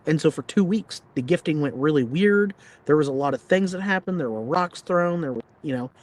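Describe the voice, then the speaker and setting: Podcast guest, blunt rambling storyteller, a touch high-pitched for a guy. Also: animated, a little fast. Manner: blunt, plain-spoken; rambling, filler-heavy retelling. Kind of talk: casual storytelling.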